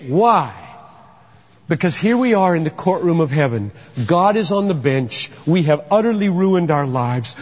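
Man preaching, emphatic, dramatic, somewhat high husky voice, echoey hall, dull lo-fi sound. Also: a little mellow. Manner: emphatic, acts out courtroom scenes. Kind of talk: sermon.

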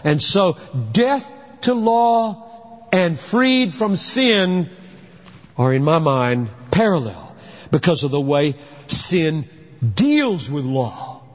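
Taking it slowly, a male pastor with a fairly high voice and big pitch swings delivers a forceful sermon built on rhetorical questions he goes on to answer. The sound is muffled and lo-fi, echoing with a long hall reverb.

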